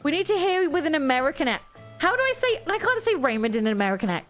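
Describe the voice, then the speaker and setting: A woman's voice: high voice, sing-song, quick pace, fairly bright tone, faint music behind. A woman chatting casually on a live game stream, reacting to viewers' comments. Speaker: streamer playing a video game.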